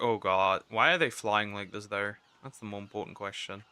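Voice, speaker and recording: Streamer type: young man, very bright tense tone, rambling gameplay chatter to himself. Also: lowish voice, moderate pace, hardly any pauses, clear, resonant tone. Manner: rambling, talks to himself while playing. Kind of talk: casual gameplay commentary.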